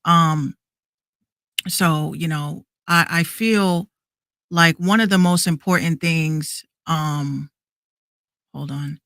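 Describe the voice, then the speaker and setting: A woman's voice: sits low, steady tone, slow, pauses often, fairly bright tone, no room sound, clean studio sound. A woman in her thirties hosting a podcast, ranting heatedly with lots of restarts and swearing. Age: 30s. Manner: heated, repetitive, swearing rant with many restarts. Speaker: podcast host. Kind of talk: casual podcast rant.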